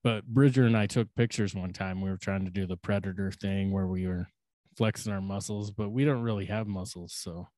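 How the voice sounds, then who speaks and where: A man's voice: low voice, steady tone, a little fast, warm tone, dry recording, studio quality. A young man co-hosting a casual podcast, rambling and crude, mocking himself and laughing often. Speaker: podcast co-host.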